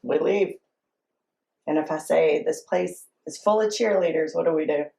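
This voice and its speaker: Gravelly-voiced mother, halting storyteller. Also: low-pitched, mellow, poor audio. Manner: halting, personal storytelling with pauses. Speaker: mother of a transgender child. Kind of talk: documentary interview storytelling.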